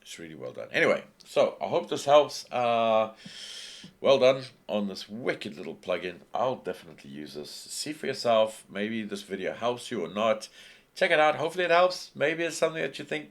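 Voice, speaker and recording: A man's voice: medium pitch, lively intonation, fairly quick, vocal fry. A man giving casual, enthusiastic commentary over a screen recording, often repeating his own phrases. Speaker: tutorial vlogger reviewing 3D software.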